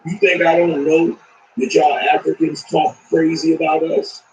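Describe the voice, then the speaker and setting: A man's voice: fairly high pitch, flat delivery, normal speed, a little mellow, dull audio, a little hiss or hum. An American man hosting a livestream, ranting with repeated rhetorical questions and stammering restarts. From United States. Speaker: livestream host. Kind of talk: heated livestream rant.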